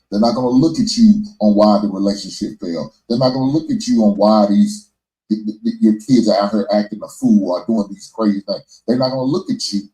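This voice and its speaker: A man's voice: fairly low pitch, warm tone, poor audio. A middle-aged man hosting a casual debate chat, emphatic and preachy, repeating phrases for effect. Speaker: podcast host.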